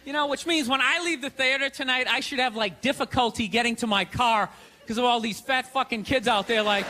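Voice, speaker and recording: A man with a strikingly high voice rants through a stand-up set and keeps breaking into shouts. He is on a theater stage, with a crowd laughing and reacting loudly around him. The recording carries a steady wash of audience noise. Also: brisk. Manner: loud, ranting, mocking delivery with shouted bursts. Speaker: stand-up comedian. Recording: live show with crowd noise.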